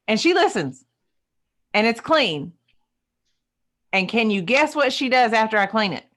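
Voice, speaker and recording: Expressive woman telling a story. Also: fairly high pitch, unhurried. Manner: expressive, emphatic, folksy. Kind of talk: casual coaching chat, storytelling.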